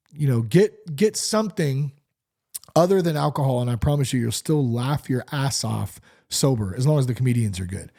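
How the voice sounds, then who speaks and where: A man's voice: mid-range voice, dark tone. A man hosting a casual solo podcast, talking loosely with lots of fillers and some swearing. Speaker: podcast host.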